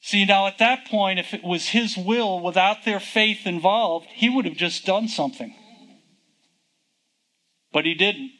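A man's voice: sits high, a little slow, sharp tone, poor audio. A man preaching a sermon, teaching from the Bible in a conversational way, reading verses aloud and asking rhetorical questions.

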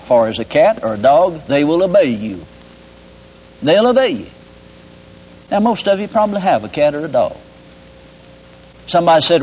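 A man's voice: a little high, darkish tone. A man preaching a radio sermon, folksy and homespun, with emphatic rising calls. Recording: dull lo-fi broadcast audio.

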